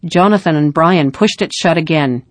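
A woman reading a story aloud in a calm, measured narration. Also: low voice, no echo.

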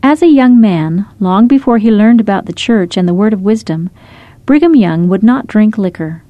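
A woman narrating short scripted stories in a gentle, measured storytelling manner. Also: medium pitch, expressive, dry recording, lo-fi sound.

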